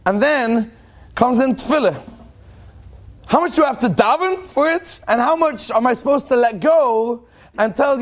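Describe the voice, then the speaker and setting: A rabbi giving a lively, joking religious talk to a live audience, questioning them and acting out what people say. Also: male voice, very high voice, normal speed. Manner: animated and joking, acts out quoted thoughts in a dramatic voice.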